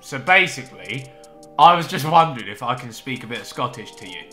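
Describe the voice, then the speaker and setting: A man's voice: medium pitch, expressive, a little fast, bright, forceful tone, very echoey, faint music behind. A young man making a brash, playful vlog, swearing and counting down. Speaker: YouTuber. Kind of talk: casual vlog commentary.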